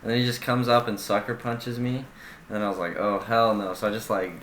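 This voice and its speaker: A man's voice: mid-range voice, fairly even intonation, fast talker, a bit bright. A young man in casual podcast chat, telling stories in a loose, rambling way with lots of fillers and swearing. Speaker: podcast co-host. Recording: echoey room, faint room noise.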